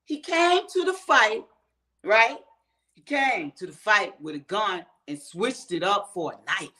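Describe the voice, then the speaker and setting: A woman's voice: mid-range voice, expressive, a little slow, bright, forceful tone. A woman from the United States hosting her own show, ranting in a profane, fired-up commentary straight to her viewers. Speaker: show host.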